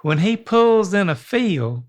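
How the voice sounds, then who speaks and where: An older man co-hosts a podcast, chatting casually in a rambling, folksy style with many restarts. His voice sits high, sing-song and slow.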